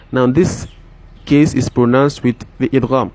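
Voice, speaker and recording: A man teaching a lesson, repeating example words slowly and deliberately, with many fillers and restarts. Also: mid-range voice, fairly even intonation, a little mellow. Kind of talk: explaining a text line by line.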